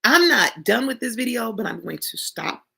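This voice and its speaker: A woman's voice: a little high, big pitch swings, moderate pace, creaky, pushed and bright, breathy edge. A woman giving an emphatic, preachy motivational talk who calls her listeners y'all and honey. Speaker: motivational speaker.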